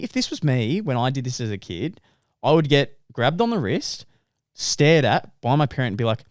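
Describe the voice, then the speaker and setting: A man's voice: medium pitch, very animated, moderate pace, no room sound, clean studio sound. Young man telling stories. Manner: storytelling, swears, mimics voices. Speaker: podcast co-host. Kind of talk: casual chat.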